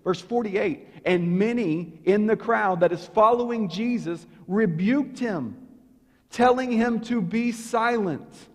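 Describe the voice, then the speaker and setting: A man preaching a sermon as pastor, telling the story with animated energy and sometimes dropping to a hushed, intense tone. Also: high voice, normal speed. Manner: animated storytelling, acting out the crowd's lines. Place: church sanctuary. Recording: long hall reverb.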